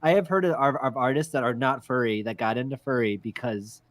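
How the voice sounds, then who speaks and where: A man's voice: medium pitch, a little fast, no echo. A man hosting a casual art-stream chat, playful and jokey, laughing often. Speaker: podcast host.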